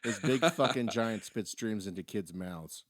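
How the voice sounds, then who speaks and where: A deep-voiced man chatting casually on a podcast, dropping dry one-liners. His voice sounds close and dry, with no room around it. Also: a little slow, fairly bright tone, dry recording. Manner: dry, wisecracking. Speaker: podcast co-host. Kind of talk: casual chat.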